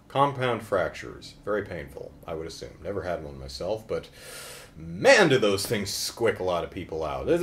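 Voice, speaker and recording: A man casually recapping a horror film in a joking, sarcastic way. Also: low-pitched. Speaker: film reviewer.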